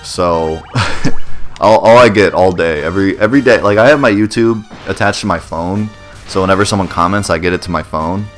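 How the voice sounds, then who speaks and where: A man's voice: low-pitched, moderate pace, soft background music. A young man hosting a let's play, chatting casually and rambling in a self-deprecating way as he plays. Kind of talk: casual gameplay commentary.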